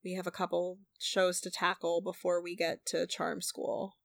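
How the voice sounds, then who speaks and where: A woman's voice: fairly low pitch, completely flat delivery, normal speed, gravelly, no room sound. A young woman co-hosting a podcast, recapping episodes in casual, profane chat with sarcastic asides. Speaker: podcast co-host recapping a reality show.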